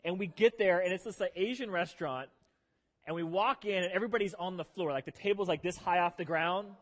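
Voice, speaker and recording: A man preaching a sermon, telling a funny story about himself in an animated, self-deprecating way to his church congregation. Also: high voice, fairly quick. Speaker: pastor. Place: church sanctuary. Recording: long reverb of a large hall.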